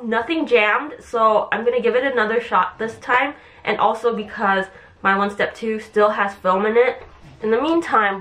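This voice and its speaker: A woman's voice: mid-range voice, fairly bright tone. Chatty young woman with a slight lisp. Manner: chatty, rambling, with fillers and restarts. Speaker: vlogger. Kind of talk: casual vlog chat.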